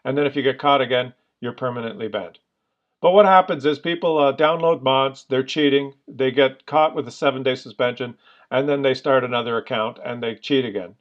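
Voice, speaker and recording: A man's voice: medium pitch, highs cut off. A man giving casual commentary on a game, exasperated and ranting, with many fillers. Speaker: gaming commentator. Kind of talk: casual commentary over gameplay video.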